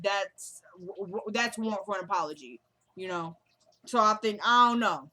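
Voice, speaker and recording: A woman's voice: mid-range voice, animated, normal speed, sharp tone. A woman giving a casual, chatty recap of a TV episode, speaking straight to her viewers and retelling the dialogue scene by scene. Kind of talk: casual show recap vlog.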